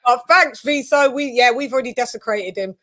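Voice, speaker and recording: A woman hosting a casual boxing stream, telling lively stories and swearing freely. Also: fairly high pitch, fairly quick, no room sound. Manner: animated storyteller, swears freely, acts out quotes. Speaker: host. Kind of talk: casual chat on a livestream.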